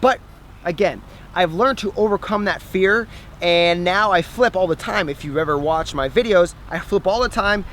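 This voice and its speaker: A young man telling a personal story to camera in a casual, animated way, laughing at himself now and then. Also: high-pitched, moderate pace. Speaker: fitness vlogger. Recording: faint outdoor noise.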